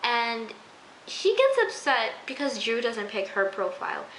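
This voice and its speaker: A woman's voice: on the high side, very animated, measured pace, a bit bright, a little hiss or hum. A teenage girl reviewing a TV episode in a casual, rambling, exasperated way, full of "like" and repeated phrases. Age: teens. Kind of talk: casual recap vlog. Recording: echoey room.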